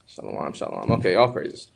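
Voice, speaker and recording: A man's voice: low voice, wildly swooping pitch, normal speed, gravelly, slightly rough. A young man co-hosting a podcast, giving casual religious teaching on marriage in a conversational, preachy way. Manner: conversational, preachy, calls listeners "man" and "bro". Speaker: podcast co-host.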